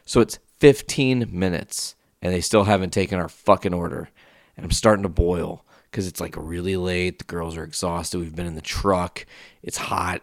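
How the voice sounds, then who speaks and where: Man, low voice, podcast host, casual profane storytelling, animated rants, dry sound. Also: no room sound. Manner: profane, animated ranting with big pitch jumps.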